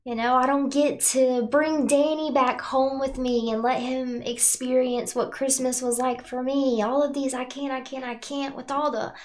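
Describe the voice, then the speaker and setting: Close to tears, a North Carolina woman gives her viewers an earnest, heartfelt spiritual talk, following her points with "right?" and referring to herself in the third person. Her voice is pitched a little high, with fairly even intonation and a measured pace, and she rarely pauses.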